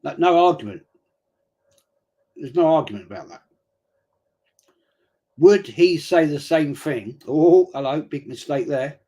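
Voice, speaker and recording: A man's voice: on the high side, expressive, measured pace, long pauses, mellow, muffled recording. A middle-aged man, chatting casually and telling rambling stories while streaming a football match. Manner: chatty rambling storyteller, blokey slang. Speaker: watch-along streamer. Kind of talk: casual live chat during a football match.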